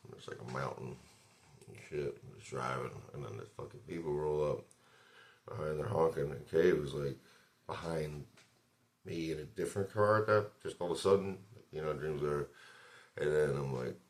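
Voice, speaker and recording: A man's voice: very deep voice, moderate pace. A man vlogger telling a long story in a loose, rambling way, swearing often and filling gaps with "like" and "dude". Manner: rambling, profane, loose retelling full of fillers. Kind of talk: casual storytelling.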